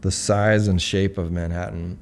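Deep, laid-back musician. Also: male voice, steady tone, a little slow, a little hiss or hum. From Colorado. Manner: laid-back, rambling, many fillers. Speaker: musician guest. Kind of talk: casual interview chat.

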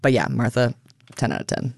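A woman stage actor talking about her career in a radio interview, lively and laughing, acting out quotes as she goes. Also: extremely low pitch, brisk, no echo, studio quality. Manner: animated, laughing, acts out quotes.

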